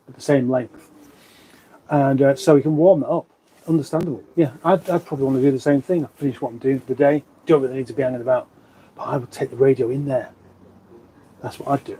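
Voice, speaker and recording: A man's voice: mid-range voice, mellow, breathy edge, low-quality recording. Rambling, chatty English man. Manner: rambling, chatty, reads viewer comments aloud. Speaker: livestream host. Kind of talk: casual live chat reading comments. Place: home room, indoors.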